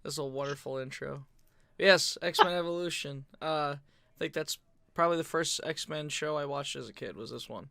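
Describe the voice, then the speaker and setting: A man in his twenties co-hosting a podcast, chatty and joking. His voice is raised in pitch, with a strong gravelly fry and a bright, tense edge. The sound is dry and close. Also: moderate pace, no room sound. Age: 20s. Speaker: podcast co-host. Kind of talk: casual chat.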